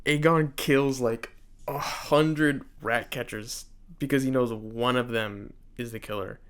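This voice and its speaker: A man's voice: medium pitch, fairly even intonation, slow, a bit bright, clear, resonant tone. A young man hosting a casual reaction video, joking and laughing often as he comments.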